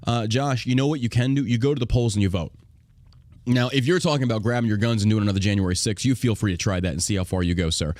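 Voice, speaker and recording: A man's voice: on the low side, fast, darkish tone, no room sound. An American man hosting a podcast, talking in a casual, profane and combative way, often laughing. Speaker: podcast host.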